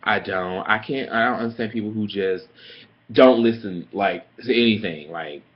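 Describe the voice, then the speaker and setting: Young guy ranting sassy and profane about work drama, kinda low voice, muffled cheap mic. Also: normal speed. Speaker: vlogger. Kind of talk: casual storytime rant. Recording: dull lo-fi webcam audio.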